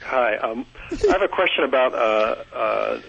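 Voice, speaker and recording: A man's voice: mid-range voice, lively intonation, measured pace, vocal fry, fairly bright tone, husky. A man from California calling in to a radio show, hesitant and a little nervous. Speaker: caller. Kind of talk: phone call to a radio show. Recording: dull lo-fi phone line.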